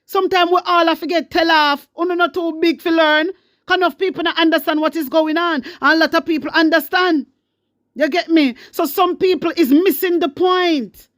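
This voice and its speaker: A woman's voice: extremely high pitch, fairly even intonation, moderate pace, fairly bright tone, no room sound, studio quality. A woman from Jamaica with a Jamaican Patois accent, giving fervent, preachy political commentary straight to her followers. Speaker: online commentator. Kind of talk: impassioned political commentary vlog.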